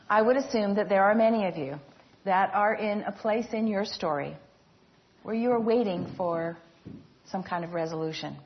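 Woman pastor, mid-pitched, earnest measured sermon delivery, slightly muffled recording.

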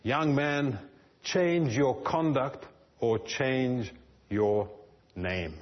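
A stern, commanding ancient emperor sits in judgment and puts his questions with raised, forceful demands, as a preacher acts him out. The voice sits higher than usual and pushes hard. The recording sounds dull and lo-fi. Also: drawn-out words.

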